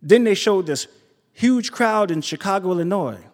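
Animated New man telling a story on stage. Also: normal speed. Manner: animated, acts out quotes with big pitch jumps. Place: theater stage before an audience. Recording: live stage recording with hall reverb.

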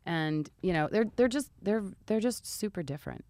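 A woman's voice: medium pitch, animated, normal speed, mellow. A woman in her thirties talking frankly as a podcast guest, blunt and swearing casually. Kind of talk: casual chat. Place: podcast studio. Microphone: studio microphone.

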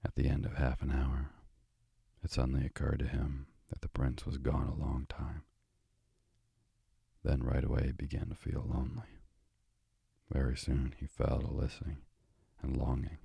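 Sleep-story narrator, male, soft and drowsy, deep monotone, dry close sound. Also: normal speed, gravelly, long pauses, husky, no room sound. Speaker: bedtime story reader.

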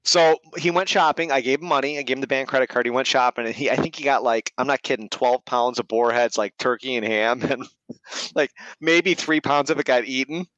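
A man's voice: mid-range voice, a little fast, fairly bright tone, no echo, highs cut off. A man chatting as a podcast guest, telling rambling stories and laughing as he talks. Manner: rambling storyteller, laughs mid-sentence. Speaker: podcast guest, pipe band manager. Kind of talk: casual chat.

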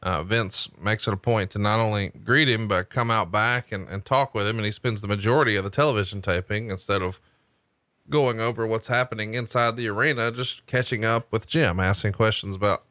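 A man co-hosting a podcast, recapping events in a plain, even storytelling way. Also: fairly low pitch, a little fast, no room sound, studio quality. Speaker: podcast co-host. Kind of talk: casual narration of events.

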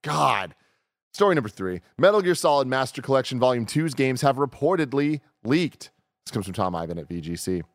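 A man in his thirties co-hosts a video game news show, chatting casually at a middle pitch. He talks with animated swings, jumping up into excited peaks. The sound is dry and close, with no room around it. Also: a little fast, no echo. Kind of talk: casual chat.

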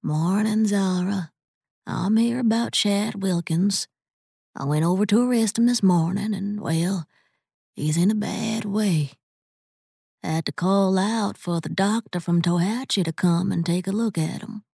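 Woman reading as a quiet folksy western sheriff. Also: high-pitched, unhurried, vocal fry, breathy edge, dry recording, clean studio sound, heavily acted. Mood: measured. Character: soft-spoken small-town male western sheriff.

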